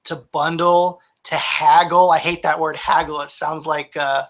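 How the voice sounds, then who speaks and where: A man's voice: fairly high pitch, flat delivery, a little slow, fairly bright tone, low-quality recording. A man in his forties, a reseller guest talking casually in a live-streamed interview, rambling with restarts.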